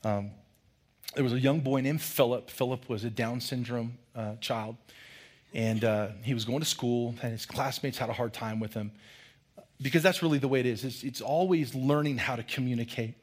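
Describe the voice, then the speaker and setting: A man's voice: medium pitch, fairly even intonation, moderate pace, breathy edge. A man preaching a sermon as pastor, telling a story and acting out the voices of children and a teacher.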